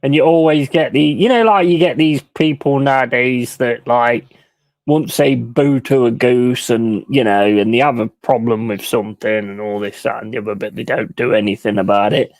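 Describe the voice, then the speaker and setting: A man's voice: medium pitch, steady tone, moderate pace, no room sound. A middle-aged man hosting a live stream, ranting bluntly and swearing freely in casual chat. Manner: mimics other people in quoted voices. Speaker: livestream host.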